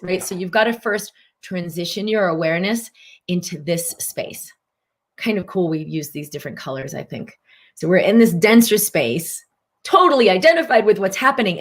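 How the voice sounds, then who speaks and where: A woman hosting a live-streamed mind-body teaching talk. She speaks in an earnest, coaching way, repeats key phrases, and acts out panicked reactions with sudden high outbursts. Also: expressive, normal speed.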